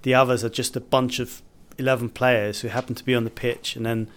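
A man's voice: medium pitch, flat delivery, a little fast. A man talks through football tactics in a plain, mid-range voice. He sounds opinionated and analytical, keeping a casual chat going. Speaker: football pundit.

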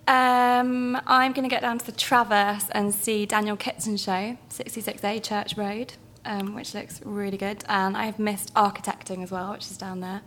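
A woman's voice: medium pitch, little pitch movement, moderate pace, few pauses, fairly bright tone. Woman journo chatting on stage, lots of ums, faint hum behind. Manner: chatty, hesitant with many ums. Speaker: guest journalist. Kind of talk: casual chat. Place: theatre stage.

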